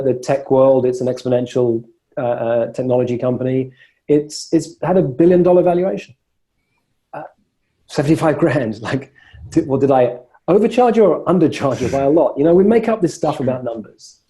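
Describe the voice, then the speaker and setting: Emphatic male coach with a very bright voice. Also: medium pitch. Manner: emphatic, repeats words when starting phrases. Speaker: coach and host. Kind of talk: live coaching call.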